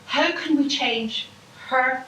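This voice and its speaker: A woman with a Scottish accent asks a question from the audience at a public meeting, halting and searching for words. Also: high-pitched, sharp tone, a little hiss or hum. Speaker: audience member asking a question. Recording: echoey hall, distant mic.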